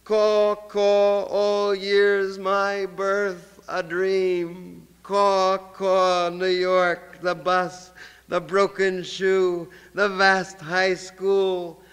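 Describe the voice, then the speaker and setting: Poet, male, high voice, slow incantatory chant, smooth clear tone. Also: level tone, a bit bright. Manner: incantatory, chanting long repeated lines. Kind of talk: poetry reading. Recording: long hall reverb.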